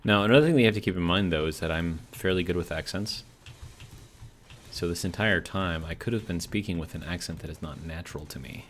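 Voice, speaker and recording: A man's voice: deep voice, brisk, a bit bright, a little hiss or hum. A man streaming a building game, chatting casually, reading viewer comments aloud and musing as he plays. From Georgia, USA.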